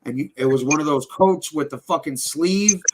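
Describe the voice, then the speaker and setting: A man's voice: fairly high pitch, normal speed, a little hiss or hum. Swearing young man telling a story. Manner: swearing, rambling storyteller who keeps checking in with "right?". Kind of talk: casual podcast chat.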